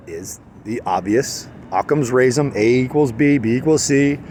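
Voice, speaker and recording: A man's voice: medium pitch, expressive, normal speed, hardly any pauses, a little hiss or hum. A man venting in a casual vlog outdoors, heated and rambling, full of restarts and rhetorical questions. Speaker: vlogger.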